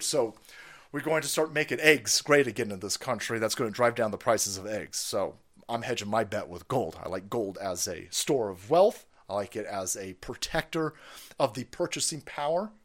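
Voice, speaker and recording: A man hosting a stream, ranting profanely and laughing as he mocks other people's voices. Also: medium pitch. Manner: foul-mouthed, laughing, animated ranting with mocking voices. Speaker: political stream host.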